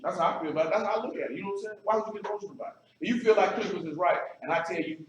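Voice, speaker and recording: A man preaches in a blunt, emphatic, conversational way, his words tumbling out quickly. His voice sits a little high for a man. He is heard from a distance in a very echoey room with faint background noise. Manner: frequent "you know what I'm saying". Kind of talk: sermon. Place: assembly room.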